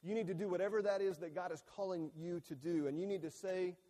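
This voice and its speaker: A male pastor delivers a sermon in a fairly high voice that rings out with a long reverb, as in a large sanctuary. He is earnest and emphatic. He repeats his key phrases, doubles words and restarts them as he presses his point. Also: fairly even intonation, fast talker, mellow. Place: church sanctuary with a screen behind him.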